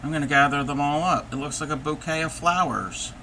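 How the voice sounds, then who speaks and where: A man's voice: on the high side, fairly quick, bright, forceful tone, a little hiss or hum. A man hosting a casual live stream, thinking aloud and chatting playfully with viewers as he crafts. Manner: thinks aloud and chats with viewers while working.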